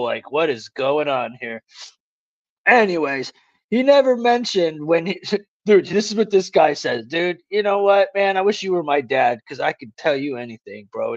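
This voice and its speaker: Man co-host, slangy and jokey, reads news aloud, higher voice, dull lo-fi mic. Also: dry recording. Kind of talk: casual call-in talk show banter.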